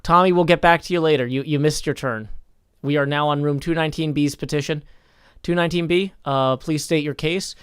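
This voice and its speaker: Streamer man with a fairly high, smooth voice, running things like a formal court. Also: fairly even intonation, dry recording, clean studio sound. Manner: measured, mock-formal like a judge. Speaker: streamer hosting a game server. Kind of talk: casual livestream chat.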